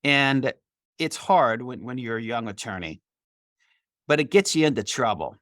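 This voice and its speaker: A middle-aged man, a litigation attorney, talks as an interview guest. His pitch swings widely as he tells a story from his career and acts out the dialogue. The sound is dry and close. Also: normal speed, dry recording. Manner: animated, acts out quoted dialogue.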